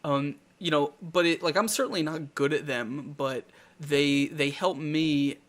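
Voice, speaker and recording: A man hosting a live talk show, telling game stories in a rambling, animated way with lots of restarts. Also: a little high, unhurried. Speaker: talk show host and dungeon master.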